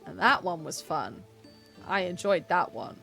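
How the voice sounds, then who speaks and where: A woman's voice: on the low side, expressive, unhurried, creaky, bright, forceful tone, faint music behind. A woman who streams games, chatting casually, laughing often and reading the game text aloud. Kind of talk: casual gameplay commentary.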